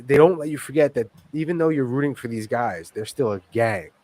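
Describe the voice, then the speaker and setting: A man's voice: medium pitch, animated, a little fast, mellow. A man with a New York accent, co-hosting a podcast in laid-back, casual chat with some swearing. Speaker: podcast co-host.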